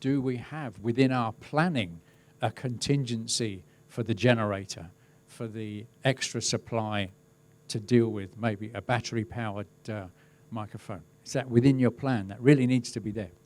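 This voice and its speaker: A middle-aged man speaks at an ordinary pitch for a man. He talks through a webinar presentation about crowd safety. His storytelling is easygoing and wry, with a dry touch of humour. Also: normal speed, few pauses, a little mellow. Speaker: crowd safety and event management specialist. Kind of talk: webinar presentation, telling an anecdote.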